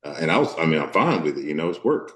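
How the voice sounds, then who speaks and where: Slightly bright and swinging widely in pitch, this Deep South actor's voice echoes as he speaks candidly as an interview guest. He's contemplative and halting, leaning on many fillers.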